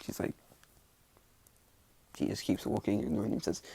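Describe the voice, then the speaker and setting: Casual male storyteller, deep-ish and very gravelly, husky, rambling with constant fillers. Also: level tone, moderate pace, pauses often, mellow, no echo. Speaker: fan fiction storyteller.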